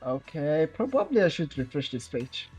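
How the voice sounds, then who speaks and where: A man's voice: a little high, big pitch swings, moderate pace, a little mellow, husky, faint music behind. Playful Persian-accented man streaming games. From Iran. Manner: laughs often, playful banter with chat. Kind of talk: casual game livestream chat.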